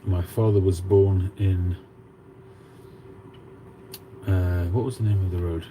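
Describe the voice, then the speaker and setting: A man's voice: deep voice, fairly even intonation, takes it slowly, mellow, slight background noise, poor audio. A man in his fifties with a Cockney accent, hosting a casual livestream and chatting with viewers as he reads out their comments. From England. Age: 50s. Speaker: livestream host.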